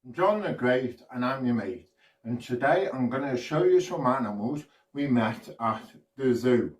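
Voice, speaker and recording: A man's voice: mid-range voice, expressive, measured pace, reverberant, far from the mic, soft background music, poor audio. A man from the UK performing a playful children's magic routine, prompting the audience to join in.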